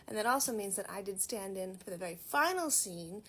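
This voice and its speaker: A woman's voice: mid-range voice, animated, fairly quick, few pauses, fairly bright tone, slightly rough. A young woman from Massachusetts, chatting casually and self-mockingly as she reviews a movie she turned out to be an extra in. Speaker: movie reviewer and background actor.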